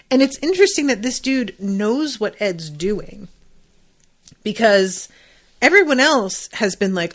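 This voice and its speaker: Slow-talking woman recapping an episode. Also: mid-range voice. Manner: animated retelling with acted-out quotes, swearing. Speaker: podcast host. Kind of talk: casual recap chat.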